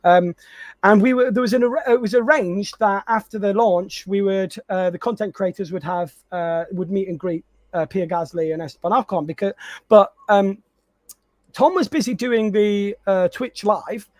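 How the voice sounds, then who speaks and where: High-voiced animated man. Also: normal speed, dry recording, studio quality. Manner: animated storyteller, laughs often, many restarts. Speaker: podcast co-host and content creator. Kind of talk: casual chat.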